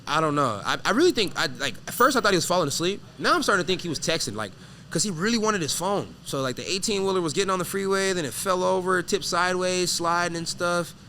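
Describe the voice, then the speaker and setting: A man who is a professional fighter, guesting on an interview show and telling animated, profane stories that act out each scene. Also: high voice, fast, a little hiss or hum. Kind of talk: casual storytelling interview.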